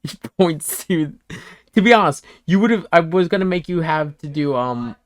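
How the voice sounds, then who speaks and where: A man running a tabletop game as game master, animated and loose, with laughter and swearing. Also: fairly high pitch, moderate pace, no room sound, clean studio sound.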